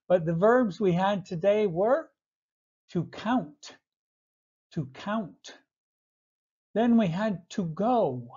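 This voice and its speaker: A man teaching basic English verbs, repeating each word slowly and clearly with light chuckles. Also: fairly high pitch, darkish tone. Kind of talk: slow vocabulary lesson for learners. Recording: dull lo-fi audio.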